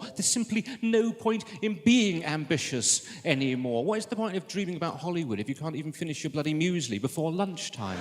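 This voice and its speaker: A middle-aged man doing stand-up, with self-mocking, exasperated storytelling. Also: fairly high pitch. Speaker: stand-up comedian. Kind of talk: stand-up routine. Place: comedy stage. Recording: reverberant hall, background noise.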